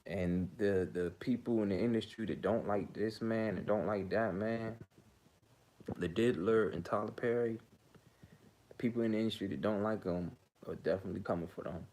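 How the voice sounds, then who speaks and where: A man's voice: on the low side, normal speed, a little mellow, a little hiss or hum. A man hosting his own commentary vlog, ranting heatedly, stammering and repeating himself. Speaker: host.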